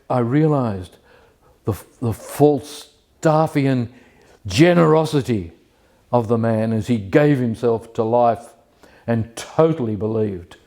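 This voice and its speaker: A man telling a personal story with many pauses and restarts, then reading poetry slowly and carefully. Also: fairly low pitch, dark tone. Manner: hesitant, many restarts and fillers, self-deprecating; slow, measured recitation of verse. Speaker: community member sharing a personal story.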